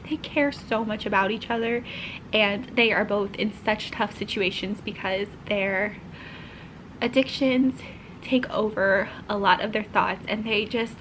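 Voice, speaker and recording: A young woman chats excitedly about her current read, her voice set a little high. She gushes and often slips into soft, half-whispered asides. A faint hiss of room noise sits underneath. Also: low-quality recording. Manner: gushing, chatty, drops to half-whispered asides. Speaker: book vlogger. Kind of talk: casual reading-vlog chat.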